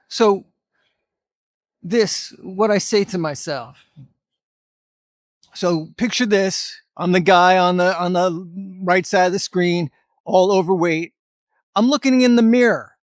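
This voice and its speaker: Blunt, high-voiced motivational man. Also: slow, long pauses, no room sound, clean studio sound. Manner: blunt, emphatic, mild cursing. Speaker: fitness vlogger. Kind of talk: motivational talk to camera.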